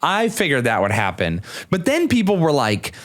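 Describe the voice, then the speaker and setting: Animated sarcastic man, lively pitch. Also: normal speed. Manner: animated, sarcastic storytelling with mocking put-on voices. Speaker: podcast guest, stand-up comedian. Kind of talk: casual conversation.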